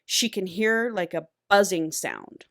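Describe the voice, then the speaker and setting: A woman co-hosting a podcast, retelling a novel in an animated, casual way and swearing freely. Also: lowish voice, unhurried, dry recording, studio quality. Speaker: podcast co-host. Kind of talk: casual book recap.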